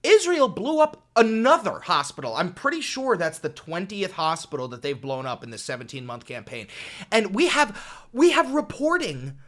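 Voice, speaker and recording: A man commentates with passion into a desk microphone in a home studio. His voice is bright and edgy. He swings from loud outbursts down to quiet, subdued asides. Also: high voice, sing-song, normal speed. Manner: impassioned, swings from yelling to quiet. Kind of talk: reaction commentary.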